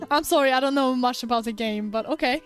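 Giggly high-voiced woman streamer. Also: normal speed, faint music behind. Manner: chatty, giggly, self-mocking. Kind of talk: casual gameplay commentary.

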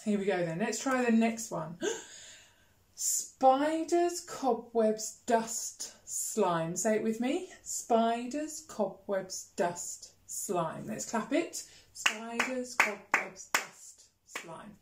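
A woman music teacher with a British accent leading a children's rhythm lesson, chanting words slowly with gasps and playful disgust. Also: a little high, reverberant. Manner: animated storytelling, gasps and exaggerated disgust.

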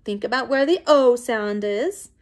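A woman teacher giving a recorded phonics lesson to young children, encouraging and clear. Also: on the high side, animated. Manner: slow, clear, encouraging classroom pacing.

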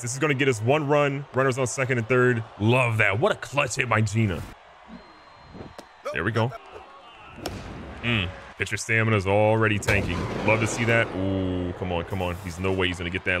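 A young man casually commentating his own baseball video game, excitable and joking, swinging between hype and mock despair. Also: lowish voice, noisy background. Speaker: gaming channel host. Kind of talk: live gameplay commentary.

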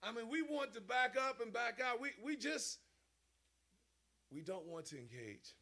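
Male preacher, animated sermon, high-pitched voice, rhetorical questions, playful sound effects. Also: measured pace.

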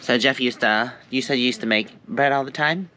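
A man's voice: medium pitch, fairly quick, pushed and bright, slight background noise. A man chatting cheerfully through a casual gardening vlog outdoors at a camp, cooing at his pets. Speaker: vlogger.

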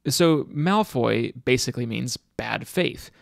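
A man's voice: mid-range voice, expressive, slow pace, creaky, no echo, clean studio sound. A man narrating a video in a casual, speculative way. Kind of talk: scripted narration.

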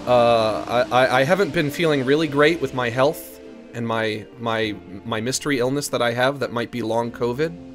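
Male streamer with a mid-pitched voice, joking and rambling through casual chat. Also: normal speed, faint music behind.

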